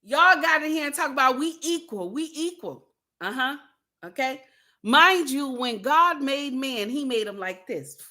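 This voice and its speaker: A woman's voice: high-pitched, expressive, measured pace, bright, forceful tone. A woman hosting a casual livestream, talking bluntly and preachily to her viewers and repeating her points for emphasis. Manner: addresses viewers and chat directly. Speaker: livestream host.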